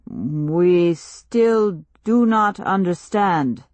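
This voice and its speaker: A woman voicing a wary young tribesman who speaks slowly and stiffly, in an audiobook. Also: on the low side, animated, darkish tone, no room sound. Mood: puzzled, formal. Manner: slow, stiff, formal speech. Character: wary tribal young man, slow and formal.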